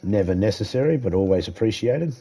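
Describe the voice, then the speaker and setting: A man's voice: on the low side, lively intonation, fairly quick, warm tone, slightly rough. An Australian man chatting casually while streaming a game live, rambling easily and greeting viewers by name.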